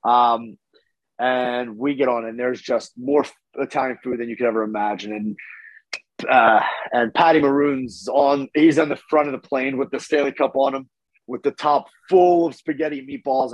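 A man telling a story casually as a podcast guest, animated, with his voice jumping up when he gets excited and swearing freely. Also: medium pitch, no room sound, poor audio.

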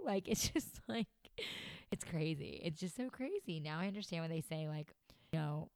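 Young woman, low voice, podcast host, casual gushing monologue, constant fillers, dry close mic. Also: animated, moderate pace, a little mellow, dry recording. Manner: gushing, filler-heavy, many "like"s.

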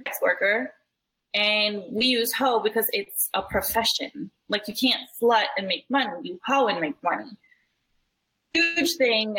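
A woman's voice: mid-range voice, a bit bright, slightly rough, low-quality recording. A woman speaking in a casual group chat, sounding opinionated and exasperated. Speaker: entrepreneur and panelist.

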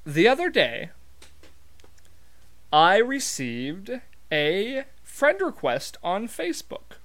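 A man's voice: high-pitched, sing-song, extremely slow, fairly bright tone. Wry, rambling man from Montana. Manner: rambling, profane, wry, with many fillers. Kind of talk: casual storytelling monologue.

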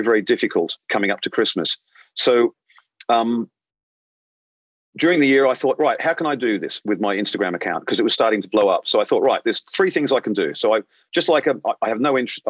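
Man telling an animated story. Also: on the low side, no room sound, highs cut off. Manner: animated storyteller, acts out quoted dialogue. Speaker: airline captain, interview guest. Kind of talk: conversational storytelling.

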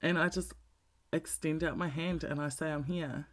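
A man's voice: on the high side, little pitch movement, normal speed, a bit bright. A man giving a blunt, profane, candid talk about emotional healing, repeating his points for emphasis.

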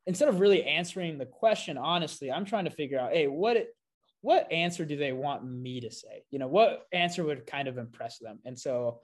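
A man hosting a podcast, telling a self-deprecating story in a casual, animated way with frequent fillers. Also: fairly high pitch, fairly quick. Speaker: podcast host.

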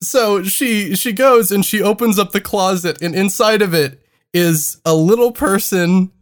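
Young man, podcast co-host, casual storytelling, hesitant, fillers, slightly high voice. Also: measured pace. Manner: rambling, hesitant, laughs through his own story. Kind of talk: casual chat, telling a story.

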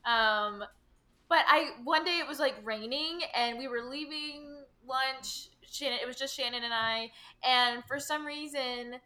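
A woman with a high, bright voice chatting on a podcast. She tells her story with life and acts out the lines people said. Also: measured pace. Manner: animated storyteller, acts out quotes. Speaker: podcast guest. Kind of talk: casual chat.

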